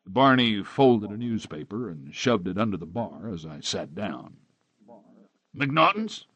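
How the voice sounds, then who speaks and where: A man narrating a crime novel in the first person with a steady, hard-boiled delivery. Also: deep voice, moderate pace, husky, no room sound. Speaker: audiobook narrator. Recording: dry, dull close-miked recording.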